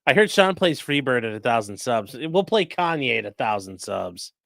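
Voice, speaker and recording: A man hosting a livestream, commenting in a casual, jokey way, talking to chat and breaking into mock voices and sudden yells. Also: medium pitch, big pitch swings, normal speed, gravelly, dry recording, studio quality. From grew up in a rural area. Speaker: livestream host reacting to a trial.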